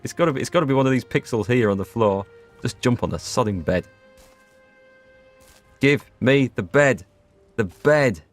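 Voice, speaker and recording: Guy doing let's play commentary, jokey, talks to chat, lowish gravelly voice. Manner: joking, talks to chat while playing. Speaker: gaming video host.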